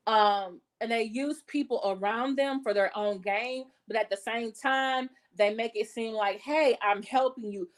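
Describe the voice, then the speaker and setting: She speaks in a high-ish voice, unhurried and with few pauses. Hosting a laid-back gossip commentary, she is blunt and swears, talks with her hands in her words, and fills her chatty delivery with fillers and corrections of herself.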